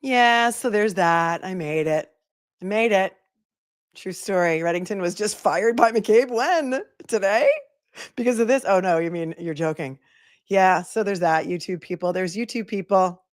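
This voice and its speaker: A woman's voice: mid-range voice, measured pace, no room sound, studio quality. A woman attorney hosting a casual livestream, chatting wryly and playfully with her viewers.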